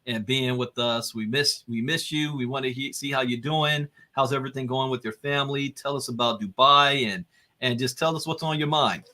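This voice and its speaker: A man hosts a casual chat over a video call. His voice is bright and edged, at a middle pitch. He talks haltingly and repeats words as he goes. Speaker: host.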